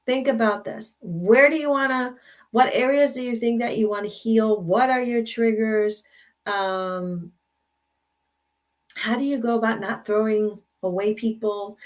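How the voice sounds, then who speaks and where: An older woman hosts a live stream from her computer, with a gravelly edge on her voice. She chats casually and affirms her viewers, often repeating her phrases. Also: mid-range voice. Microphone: computer mic.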